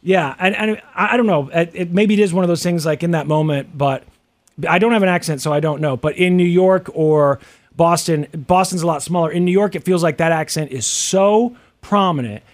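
Midwestern American man co-host, higher-pitched voice, rambling casual talk. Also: brisk. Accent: General American Midwest. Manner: chatty, musing, full of fillers and restarts. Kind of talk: casual chat.

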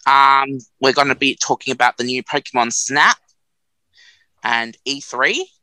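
A man's voice: medium pitch, steady tone, unhurried, pushed and bright, dry recording, rough recording. A man co-hosting a community radio show, chatting casually in a rambling, self-mocking way and laughing at his own jokes.

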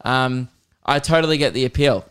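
A man's voice: medium pitch, moderate pace, fairly bright tone, clean tone. A young Australian man hosting a podcast, rambling through jokes and swearing freely in casual comedic chat. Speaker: podcast host.

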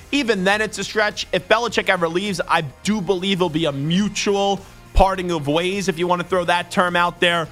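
Male sports radio host, jokey and opinionated, tense bright tone, slightly high voice, faint music underneath. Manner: joking, opinionated banter. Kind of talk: casual sports talk.

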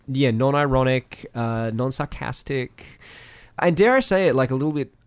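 A man's voice: mid-range voice, expressive, normal speed, smooth. A man musing in a casual music review chat, thoughtful and full of fillers.

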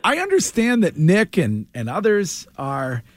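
A man hosting a sports radio show, talking in halting bursts and restarting his sentences. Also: sits high, huge pitch swings.

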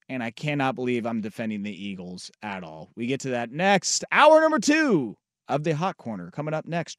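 A man's voice: a little high, no echo, clean studio sound. A man co-hosting a sports radio show, talking casually with frequent ums and uhs. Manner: hesitant, lots of ums and uhs.

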